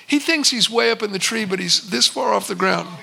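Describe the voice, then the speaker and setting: A man in his sixties preaching a sermon, telling stories and slowing for emphatic pauses. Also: sits high, expressive, vocal fry, noisy background. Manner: storytelling, with slow emphatic pauses. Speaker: pastor.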